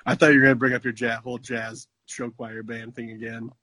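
A man's voice: medium pitch, level tone, fairly quick, sharp tone, no echo. Thirties male co-host, jokey, drifts into silly voices, dry sound. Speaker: podcast co-host. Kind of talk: casual chat.

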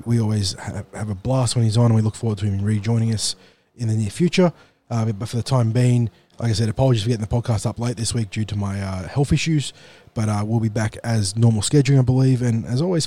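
Hoarse, nasal fast-talking man. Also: lowish voice, warm tone. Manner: brisk, upbeat match predictions. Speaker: podcast co-host. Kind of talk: casual sports podcast chat.

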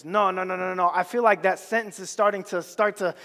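A man's voice: high voice, steady tone, fast, fairly bright tone, long reverb tail. A man preaching a sermon, with emphatic repetition and casual slang.

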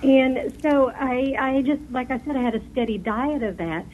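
A woman from Texas calling into a radio show, hesitant and halting, losing her voice. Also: high-pitched, narrow, tinny audio, crowd noise. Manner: hesitant, halting, many fillers. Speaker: caller.

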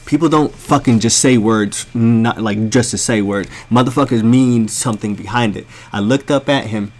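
A man's voice: mid-range voice, moderate pace, a little mellow, slight background noise. An American man telling a story as a blunt, heated, profanity-filled rant to his viewers. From United States. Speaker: storyteller ranting to camera.

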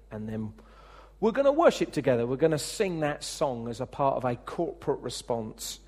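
A man's voice: mid-range voice, husky. A man preaching a sermon as pastor, talking conversationally, asking the congregation questions, and acting out the speech he quotes. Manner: lively, acts out quoted speech.

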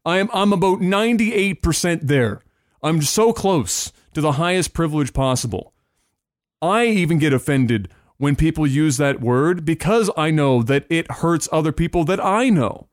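A man's voice: on the high side, expressive, normal speed, no echo, studio quality. A man co-hosting a podcast, talking in an emphatic, ranting way, restarting and repeating words as he searches, and swearing freely. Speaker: podcast co-host. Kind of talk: casual chat.

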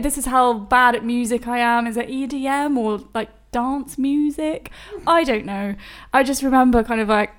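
A woman, telling stories in a casual podcast chat, chatty and self-deprecating with many fillers. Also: fairly high pitch.

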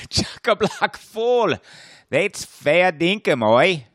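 A man's voice: low voice, lively intonation, measured pace, a bit bright, no room sound, pitched below the performer's own voice. A man putting on a goofy Australian bloke, playing with slang. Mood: jokey. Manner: hamming up Aussie slang.

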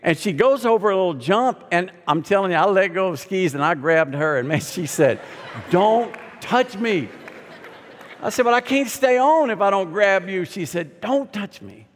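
Middle-aged male pastor, chatty and humorous, a bit high-voiced, preaching in a reverberant sanctuary. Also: brisk, few pauses. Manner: storytelling with humor, lively and conversational. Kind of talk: sermon. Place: large hall or sanctuary. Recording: long hall reverb.

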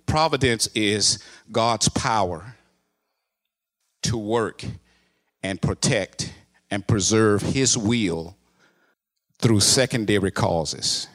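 A male preacher telling a story in a sermon, dropping to a hush, then rising to loud, animated exclamations. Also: fairly low pitch. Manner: animated, swinging from hushed narration to loud exclamations.

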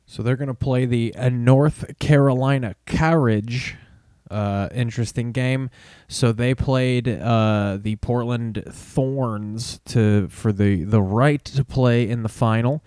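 A man's voice: mid-range voice, takes it slowly, a little mellow, clean tone, no room sound, studio quality. A man hosting a podcast, rambling through a casual sports monologue with heavy swearing. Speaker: podcast host.

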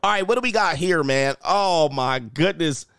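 A man's voice: a little high, lively intonation, measured pace, a bit bright, clean tone, dry recording, studio quality. A man hosting his channel as a coach, joking through casual reaction commentary and reading news stories aloud.

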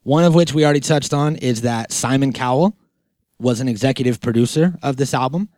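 A man hosting a podcast chats casually and comedically, delivering deadpan jokes and rambling through them with plenty of fillers. His pitch sits in an ordinary middle range and he speaks briskly, with a close, dry recording and no room around it.

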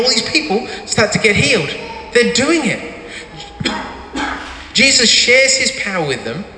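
A man preaches in a high, bright voice, acting out the lines of the story with lively energy. His voice rings through an echoey hall with a long reverb tail. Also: a little hiss or hum. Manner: animated storytelling, acting out quotes. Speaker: pastor. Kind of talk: sermon.

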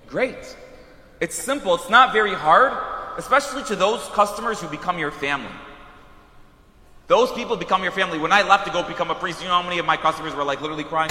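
High bright-voiced priest preaching in echoing church. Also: male voice, fast. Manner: animated storytelling with asides. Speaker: Catholic priest. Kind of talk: sermon. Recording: echoey church hall.

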